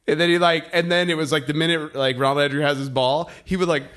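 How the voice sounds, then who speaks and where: A man telling funny stories about his young son in a casual chat, animated and laughing often. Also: fairly high pitch, fast.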